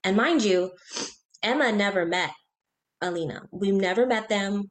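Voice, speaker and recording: Earnest woman telling a personal story. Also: medium pitch. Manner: earnest, halting, with many restarts and quoted speech. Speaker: interview guest.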